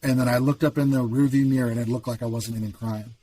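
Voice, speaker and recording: A man's voice: medium pitch, steady tone, quick pace, warm tone, a little hiss or hum. A man, a podcast guest, telling a heartfelt personal story in an earnest, emphatic way and chuckling now and then.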